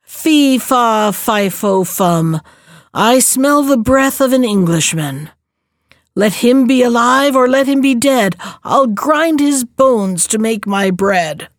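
A huge, boastful giant, played by a woman reader who booms out his threats in a slow, heavy chant. The voice sits a little high and is recorded close and dry, like a storybook read-aloud. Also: animated, no echo. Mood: menacing. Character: huge gruff male giant, hungry and boastful.

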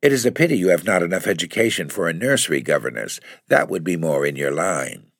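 A man's voice: sits low, expressive, fast, dry recording. A man doing a haughty, severe older lady. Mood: cold. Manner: crushing, severe, condescending. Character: haughty, severe middle-aged woman agency keeper.

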